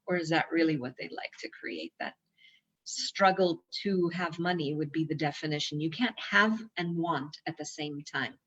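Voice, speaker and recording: Low-voiced woman reading and musing. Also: animated, a bit bright. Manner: casual and digressive, with fillers and quick asides. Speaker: personal growth teacher. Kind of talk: reading a workbook with commentary. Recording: dull lo-fi recording.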